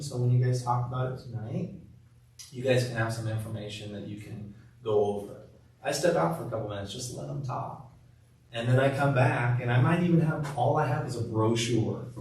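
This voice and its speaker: A man leading a sales training session, acting out calm, empathetic lines he uses with patients. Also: mid-range voice, a little hiss or hum. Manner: demonstrates scripted patient talk, soft empathetic tone. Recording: echoey room from far off.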